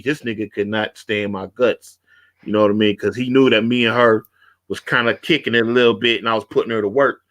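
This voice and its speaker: Man, podcast host, casual storytelling, animated delivery, mid-pitched voice. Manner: animated street storyteller, acts out quotes.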